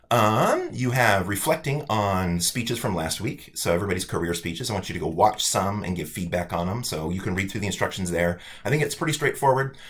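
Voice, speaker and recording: A male college instructor giving a casual, animated weekly update to his online students. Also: lowish voice. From United States.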